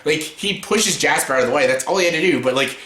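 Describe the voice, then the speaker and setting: A man's voice: a little high, fast, pushed and bright. A young man ranting in a casual film review, exasperated and mocking, cursing often and breaking into laughter. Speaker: YouTuber reviewing films. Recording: echoey room.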